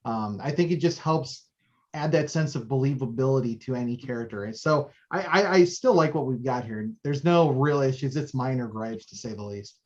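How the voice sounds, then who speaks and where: A man on a podcast, giving his view in a measured, reflective way. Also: mid-range voice. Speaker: podcast co-host. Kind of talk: casual chat. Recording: dull lo-fi audio.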